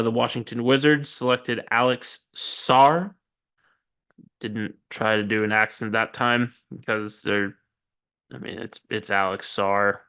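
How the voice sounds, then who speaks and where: A man hosting a relaxed sports news podcast, speaking at an unhurried pace in a mid-pitched voice. His tone is smooth and clear, and he fills the gaps with ums and wry asides at his own expense. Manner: chatty and self-deprecating, frequent ums and asides. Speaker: podcast host. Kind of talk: casual sports news roundup.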